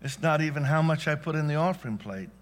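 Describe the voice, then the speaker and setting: A man preaching a sermon as pastor, dynamic, swinging from loud exclamations to hushed asides. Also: on the high side, expressive, quick pace.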